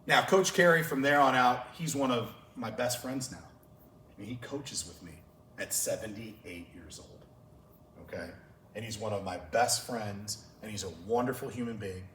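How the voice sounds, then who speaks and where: A man's voice: lowish voice, normal speed, fairly bright tone, slight background noise. A man who coaches track and field, telling stories to fellow coaches at a clinic with passion and open emotion. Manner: passionate storytelling, gets emotional. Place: large conference room. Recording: echoey room, voice far from mic.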